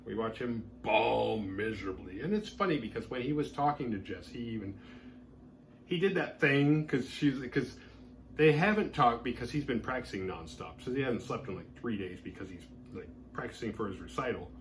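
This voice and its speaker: Male podcast host, mid-pitched, casual and slangy, jumps into characters' lines, faint background hiss. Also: expressive, moderate pace. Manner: chatty, slangy, acts out characters' lines in quotes. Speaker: podcast host reviewing horror films. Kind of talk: casual film recap.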